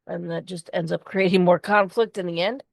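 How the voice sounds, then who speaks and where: Podcast co-host, woman, lower voice, frank and expressive, dry studio sound. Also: a little fast, gravelly, dry recording. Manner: candid and expressive, swears freely. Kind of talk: casual chat.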